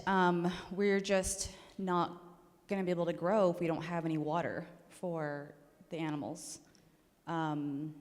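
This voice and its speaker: A young woman from the Navajo Nation, a rancher, speaking casually and emotionally at a panel, laughing often. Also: sits low. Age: young adult. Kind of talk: casual public comments. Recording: echoey hall.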